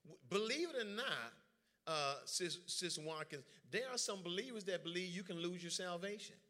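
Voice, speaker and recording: Preacher guy, bright and kinda high voice, lively and jokey with the crowd. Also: moderate pace. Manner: lively, joking, drawls informal speech. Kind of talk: sermon with call and response.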